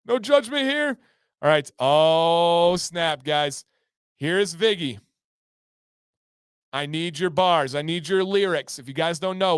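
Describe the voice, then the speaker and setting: An upbeat man hosts a casual livestream from home, reading out viewer comments and breaking into loud whoops. His voice sits high and comes across smooth and clean. The sound is close and dry, with no room around it. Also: no echo. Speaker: livestream host.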